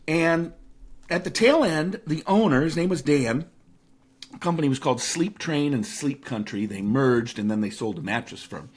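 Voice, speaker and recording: A middle-aged man speaks as an interview guest with a slightly husky, somewhat high voice. His pitch swings widely as he tells stories. He talks in a casual, animated way and acts out the people in his anecdotes. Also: moderate pace.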